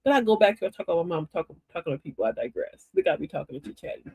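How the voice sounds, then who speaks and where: A woman's voice: on the low side, very animated, racing, vocal fry, dark tone, breathy edge, no room sound. An older woman hosting a live stream, giving a folksy, preachy, uplifting talk straight to her chat viewers.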